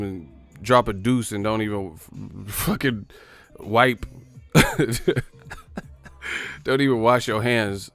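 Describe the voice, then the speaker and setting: A man's voice: lowish voice, a bit bright. Profane ranting man in a car. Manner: profane, rambling, mocking. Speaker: boxing channel host. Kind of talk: casual livestream rant. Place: in a car while driving.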